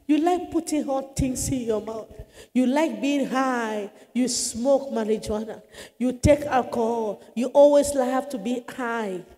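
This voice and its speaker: A woman's voice: a little high, unhurried, mellow, long reverb tail, natural voice. Woman doing a taunting male demon. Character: menacing male demon tormentor in hell.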